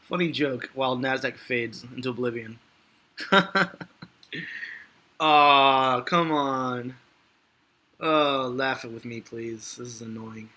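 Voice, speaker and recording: Bright-voiced, rambling market analyst man. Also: mid-range voice, takes it slowly, long pauses. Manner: rambling, frustrated, joking. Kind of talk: live market commentary.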